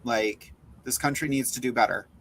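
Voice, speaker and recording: Heartfelt gentle man co-host. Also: mid-range voice, normal speed, slightly rough, dry recording. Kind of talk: casual panel chat.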